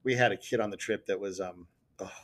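A man's voice: on the low side, a little fast. A middle-aged man, a teacher and podcast host, chatting casually and acting out quotes as he tells stories. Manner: animated storyteller, acts out quotes. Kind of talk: casual chat.

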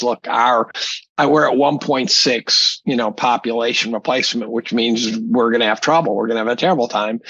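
A man's voice: mid-range voice, a bit bright, slightly rough, no echo, dull audio. A man guest in an interview, a professor talking bluntly and emphatically, often restarting his sentences. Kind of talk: opinionated conversational interview.

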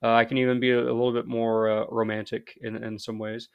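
A man's voice: medium pitch, little pitch movement, fast, vocal fry, clear, resonant tone, dry recording, highs cut off. Rambling American man, dry close sound. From United States. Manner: rambling, filler-heavy, self-deprecating. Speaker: podcast host. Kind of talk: casual podcast monologue.

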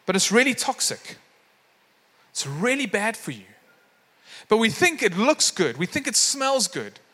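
A man's voice: sits high, big pitch swings, unhurried, bright, forceful tone. Man, pastor, chatty sermon, reverberant church hall. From South Africa. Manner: storytelling, acts out voices in the story, frequent fillers.

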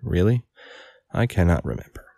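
Haughty, unflappable gentleman suspect, low gravelly voice, read by a man. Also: animated, fairly quick, dry recording, clean studio sound, exaggerated voice.

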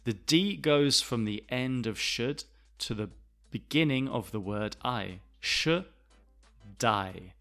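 A male English teacher explaining pronunciation, slow and deliberate, repeating phrases to demonstrate them. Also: mid-range voice, expressive, a bit bright, soft background music. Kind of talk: language lesson explanation.

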